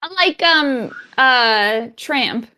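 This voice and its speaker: A woman's voice: fairly high pitch, animated, drawn-out words, sharp tone, clear, resonant tone. A woman running a tabletop game as game master, narrating casually with fillers.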